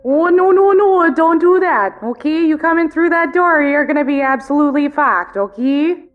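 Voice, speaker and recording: A man's voice: very high voice, expressive, moderate pace, faint music behind, pitched above the performer's own voice. A man voicing a panicked unseen person behind a locked door, pleading frantically, heard with a dull lo-fi sound. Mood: frantic. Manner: frantic, pleading, breathless warnings.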